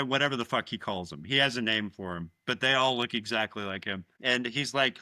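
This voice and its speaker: A man's voice: mid-range voice, animated, normal speed, hardly any pauses, pushed and bright, no echo. A man co-hosting a casual podcast, animatedly retelling film scenes and swearing freely. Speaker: podcast co-host.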